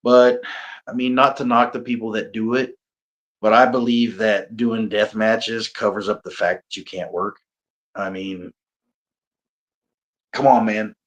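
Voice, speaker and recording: A man, a pro wrestler talking casually as an interview guest, animated and self-mocking, often laughing and restarting his sentences. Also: on the low side, a little slow, long pauses. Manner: frequent repeats and restarts.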